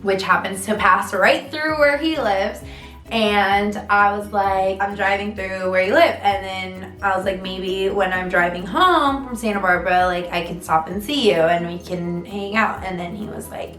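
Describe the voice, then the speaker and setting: A woman's voice: mid-range voice, moderate pace, fairly bright tone. Chatty young woman in an echoey room. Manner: chatty, many fillers, dramatic ups and downs. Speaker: vlogger. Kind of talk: casual storytelling vlog. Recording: roomy sound with faint music.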